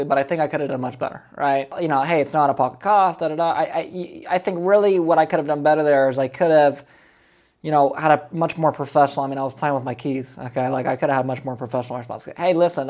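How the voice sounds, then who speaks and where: A man coaching viewers in a quick, explanatory way, breaking down his own recorded cold calls with frequent repetitions and asides. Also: fairly high pitch, a little mellow. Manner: quick, explanatory, repeats himself. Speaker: real estate business coach.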